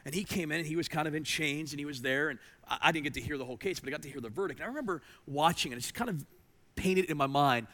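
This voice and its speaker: A man preaching a sermon, animated, climbing to emphatic peaks and then dropping low. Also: quick pace. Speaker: pastor. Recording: reverberant hall.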